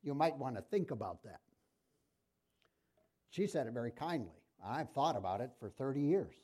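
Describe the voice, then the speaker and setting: A man's voice: medium pitch, big pitch swings, moderate pace, mellow, husky. A middle-aged man preaching a sermon in a conversational way, asking his congregation questions.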